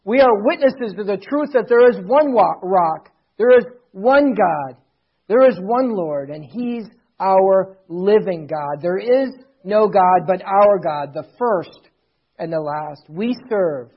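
Man, pastor, sermon, husky voice, muffled lo-fi recording. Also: sits high, animated, takes it slowly. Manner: preaching with rising and falling intensity, reading scripture aloud.

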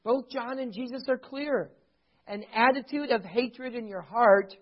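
A man preaching a sermon, swinging from loud emphasis down to hushed, intimate passages. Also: very high voice, unhurried, husky, dull audio. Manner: dramatic swings from loud emphasis to near-whisper; acts out dialogue of a retold sitcom scene.

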